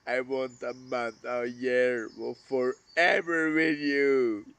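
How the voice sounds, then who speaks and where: A man vlogging an emotional, rambling monologue about missing his brother, swearing and swinging between loud outbursts and hushed murmurs. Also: medium pitch, steady tone, takes it slowly, clean tone.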